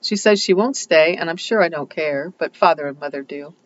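A reader voicing a loyal young girl, a best friend, speaking hushed and scandalized. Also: medium pitch, brisk, lo-fi sound, lightly acted.

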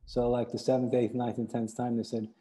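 A man speaking in a measured, even way during a public spiritual dialogue. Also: medium pitch. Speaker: dialogue partner. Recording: long hall reverb.

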